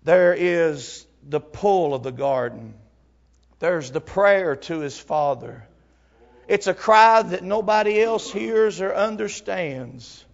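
Gravelly preacher, hushed to crying out. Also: male voice, sits high, expressive, slow, highs cut off. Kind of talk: emotional Southern sermon storytelling.

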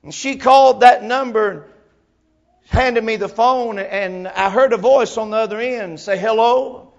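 A man preaching a sermon, telling a personal story, moving from hushed tones to crying out. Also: sits high, measured pace, gravelly, lo-fi sound. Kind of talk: emotional Southern sermon storytelling.

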